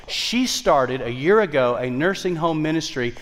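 Passionate preacher in a reverberant sanctuary. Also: male voice, fairly high pitch, expressive, normal speed, few pauses. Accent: Southern US twang. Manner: impassioned, shifts between loud exhortation and hushed storytelling. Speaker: pastor. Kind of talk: sermon. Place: church sanctuary. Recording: long reverb from a large hall.

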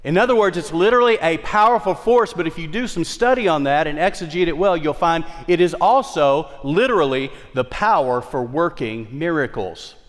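A male pastor preaching a sermon with emphatic delivery and wide swings in pitch and loudness. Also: lively intonation, normal speed, few pauses. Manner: emphatic preaching, repeats key phrases, dynamic swings in pitch and volume. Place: large church worship center. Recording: long hall reverb.

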